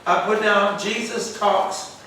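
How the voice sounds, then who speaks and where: A man's voice: high voice, fairly even intonation, slow, pushed and bright. A man leading a church Bible study, quizzing the group and repeating key words for emphasis. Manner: call-and-response questioning, repetitive emphasis. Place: church room. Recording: echoey room, far from mic, faint noise.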